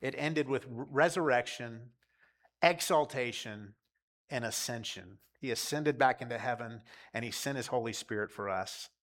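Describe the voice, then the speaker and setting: Earnest pastor, plain mid voice. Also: male voice, mid-range voice, moderate pace, a bit bright. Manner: earnest, conversational, with fillers. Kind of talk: sermon.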